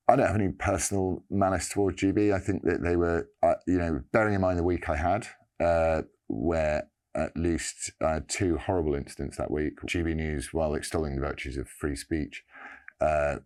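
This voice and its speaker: A man giving an earnest personal statement, halting and pausing often. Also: rumbling low, a little mellow. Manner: halting, earnest, many pauses and restarts.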